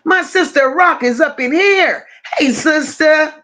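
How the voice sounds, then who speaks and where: A woman hosting a casual livestream, greeting her chat one by one with drawling, affectionate shout-outs. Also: high voice, unhurried. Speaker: livestream host.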